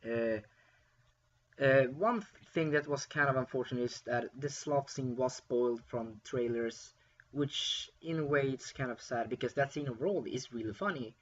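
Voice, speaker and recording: Husky-voiced man reviewing a film. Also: mid-range voice, moderate pace, highs cut off. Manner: rambling, frequent fillers and restarts. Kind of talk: casual spoken film review.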